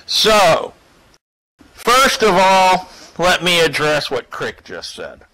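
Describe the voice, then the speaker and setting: Slow, animated, profane male lecturer. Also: high-pitched, poor audio. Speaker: class teacher. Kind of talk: casual spoken lecture.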